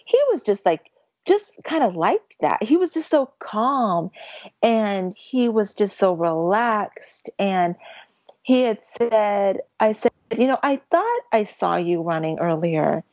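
A woman telling a long story in casual chat, rambling and animated, with many fillers and restarts. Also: mid-range voice, slow pace, no room sound, muffled recording.

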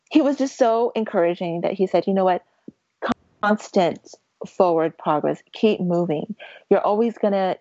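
A woman telling a long story in casual chat, rambling and animated, with many fillers and restarts. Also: lowish voice, no room sound, dull audio.

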